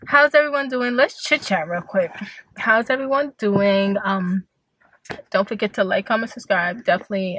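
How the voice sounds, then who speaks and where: A woman's voice: mid-range voice, a bit bright, a little hiss or hum. A young woman vlogging in casual chat from her parked car. She sounds tired and yawns, and she talks with lots of fillers and frequent laughs. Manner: chatty, laughs often, many fillers. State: tired, yawning. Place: parked car outdoors, hot day.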